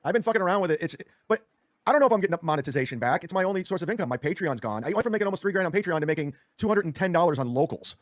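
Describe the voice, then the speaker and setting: A man in a heated podcast argument, talking fast, stammering and defensive. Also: high-pitched, lively intonation, no room sound, clean studio sound. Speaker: streamer.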